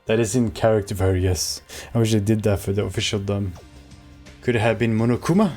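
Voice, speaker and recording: A man's voice: lowish voice, a little fast, a little mellow, faint music behind. A man playing a game and commenting in casual, self-mocking asides between voiced lines. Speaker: gamer voicing the characters in a playthrough. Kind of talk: casual let's-play commentary.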